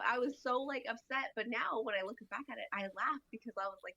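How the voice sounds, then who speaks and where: A woman's voice: fairly high pitch, fairly quick, gravelly, hardly any pauses, sharp tone. Chatty woman telling a story, dull audio. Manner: chatty, acts out quoted dialogue with lots of fillers. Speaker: podcast guest. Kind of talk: casual storytelling.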